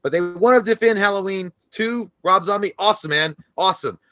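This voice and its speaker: A man's voice: high-pitched, fairly quick, pushed and bright, dry recording. A man co-hosting a casual movie podcast, ranting heatedly and profanely with lots of restarts. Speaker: co-host.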